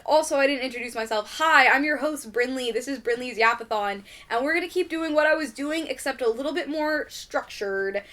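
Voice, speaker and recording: A woman's voice: sits high, fairly bright tone. A young adult woman hosting a podcast in casual chat, ranting animatedly and swearing a lot. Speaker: podcast host.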